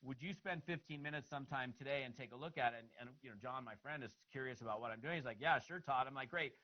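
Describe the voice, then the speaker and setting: A man giving an instructional talk on follow-up calls, acting out both sides of the conversations in an animated way. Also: mid-range voice, fast, lo-fi sound. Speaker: network marketing trainer.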